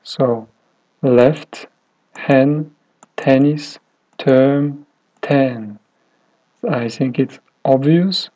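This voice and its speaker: Slow, mellow-voiced male teacher. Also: medium pitch, fairly even intonation. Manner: slow, deliberate, with many fillers and pauses. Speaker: English teacher. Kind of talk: slow phonics lesson. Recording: dull lo-fi audio.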